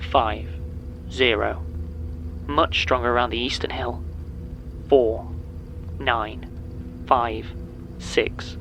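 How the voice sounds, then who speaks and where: A creepy audio drama number reader, gravelly, super slow, each number dropped one at a time. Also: male voice, medium pitch, steady tone, pushed and bright, a little hiss or hum, full character voice, low-quality recording. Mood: grim, measured. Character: man slowly reading out ominous coded numbers.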